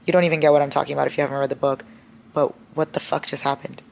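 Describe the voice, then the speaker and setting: A young woman talks through her reading in a loose, casual vlog, reacting out loud as she goes. Her voice sits a little low. She swears freely and jumps from chatter to shocked outbursts. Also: rapid-fire, gravelly, slight background noise. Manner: chatty, expressive, swears freely, bursts into laughter and shocked outcries. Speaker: book vlogger.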